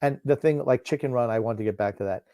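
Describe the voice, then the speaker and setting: A man co-hosting a casual football watchalong podcast, gruff and blunt, given to rambling asides. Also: medium pitch, fast, dark tone, no echo, clean studio sound. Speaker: podcast co-host called Grump. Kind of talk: casual game watchalong chat.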